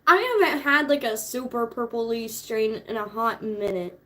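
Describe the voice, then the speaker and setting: Giggly high-voiced young woman. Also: normal speed, fairly bright tone. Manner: laid-back, slangy, giggly. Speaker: streamer. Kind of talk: casual chat.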